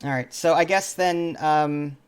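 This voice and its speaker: A man's voice: on the high side, fairly even intonation, unhurried, slight background noise. Hesitant man player at a tabletop game. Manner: hesitant, lots of fillers. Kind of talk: casual tabletop game talk.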